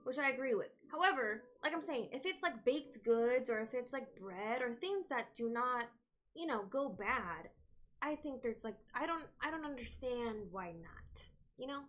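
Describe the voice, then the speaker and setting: A young woman streamer chatting casually with her viewers, telling stories in an animated way. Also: a little high, moderate pace. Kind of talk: casual chat with live viewers.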